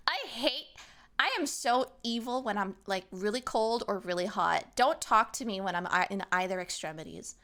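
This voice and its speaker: This streamer is a young woman who talks easily with her audience, animated and upbeat, sometimes playing out the lines people type. Her voice is mid-range and her pace moderate.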